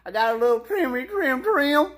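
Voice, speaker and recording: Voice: high-pitched, lively intonation, moderate pace, fairly bright tone. A performer putting on a rowdy, folksy hillbilly man, hollering and cackling while promoting a county fair in a social media video. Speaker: county fair mascot character.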